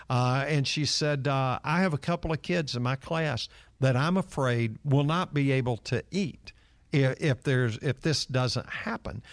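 A man's voice: medium pitch, dry recording. Man, earnest storyteller, lots of uh and um, dry studio sound. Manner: earnest storytelling with many fillers. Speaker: nonprofit leader. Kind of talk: interview answer.

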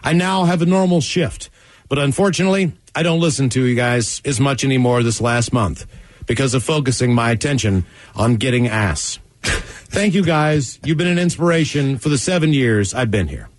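A man's voice: mid-range voice, normal speed, dry recording, studio quality. A man hosting a comedy radio show, reading listener messages aloud and laughing often. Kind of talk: reading listener emails on air.

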